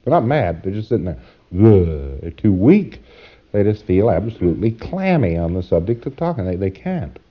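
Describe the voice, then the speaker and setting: A man lectures trainees in a folksy, wry way, now and then acting out quick back-and-forth exchanges. His voice sits on the low side. The sound is dull and muffled, like an old tape recording. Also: very animated, breathy edge.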